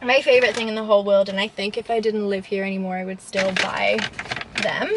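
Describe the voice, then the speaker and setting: A woman's voice: mid-range voice, little pitch movement, fairly quick. A young woman chatting in a casual vlog from inside a car, bubbly and gushing with lots of fillers. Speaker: vlogger. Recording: noisy car recording.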